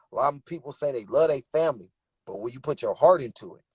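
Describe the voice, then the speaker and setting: Young male rapper, husky voice, dry close sound, emphatic streetwise storyteller. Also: mid-range voice, lively intonation, fast talker, no room sound. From Bay Area, California. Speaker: rapper and interview guest. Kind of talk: candid interview talk.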